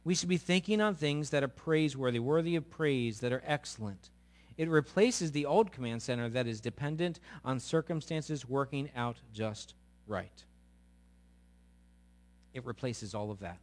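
A man's voice: mid-range voice, animated, normal speed. A male pastor giving a sermon in a conversational, storytelling way with emphatic asides.

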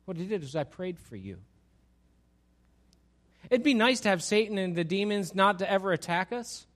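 A man's voice: high-pitched, expressive, moderate pace, fairly bright tone. A male pastor preaching a sermon and asking his congregation rhetorical questions.

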